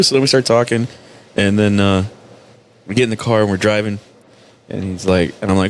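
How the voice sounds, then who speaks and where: A man's voice: lowish voice, steady tone, fairly quick. A man, a former Marine, telling a story in a casual chat, swearing freely and laughing often. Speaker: podcast host, former Marine.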